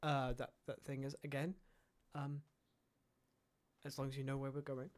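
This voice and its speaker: A man's voice: mid-range voice, little pitch movement, moderate pace. A man playing in a tabletop role-playing game, talking hesitantly with many restarts and fillers. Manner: hesitant, lots of ums and restarts. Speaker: player. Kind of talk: tabletop role-play chat.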